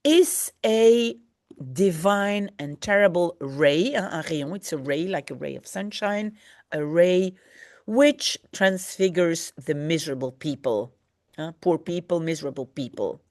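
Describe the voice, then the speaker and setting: A woman teaching a reading class, translating a classic novel phrase by phrase. She speaks slowly, her pitch moving up and down a lot as she explains each word. The sound is close and dry. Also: lively intonation, darkish tone, no room sound. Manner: translates phrase by phrase, explains words, self-corrects. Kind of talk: book-club reading lesson.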